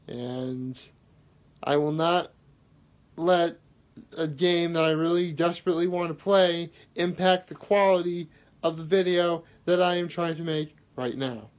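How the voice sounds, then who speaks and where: A man's voice: on the high side, fairly even intonation, unhurried. A man talking casually to camera in his daily vlog, rambling earnestly with lots of fillers and restarts. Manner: earnest, self-deprecating asides. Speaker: daily vlogger. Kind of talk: casual daily video talk.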